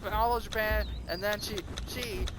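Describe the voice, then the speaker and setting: High-voiced man rambling a crude story. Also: fairly even intonation, moderate pace, noisy background. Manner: crude, rambling, self-mocking. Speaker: streamer.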